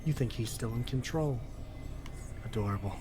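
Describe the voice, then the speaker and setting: A man voicing a menacing forgotten god of the dead, taunting and slow, in a tabletop game. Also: medium pitch, music in the background, voice pushed down, close to an everyday voice.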